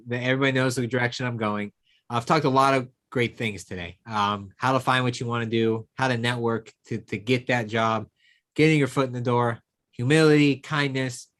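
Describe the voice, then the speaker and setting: A man hosts an interview in an ordinary mid-pitched voice. He echoes back and affirms what his guest has said. His talk is loose and conversational, full of filler words. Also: a bit bright. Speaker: interview host. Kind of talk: interview hosting.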